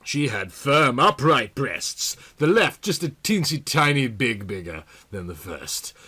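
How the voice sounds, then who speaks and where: Man, comedic reading, dry, mock-serious, mid-pitched. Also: big pitch swings, measured pace, bright, forceful tone, breathy edge. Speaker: reader. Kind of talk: comedic reading of a bad novel.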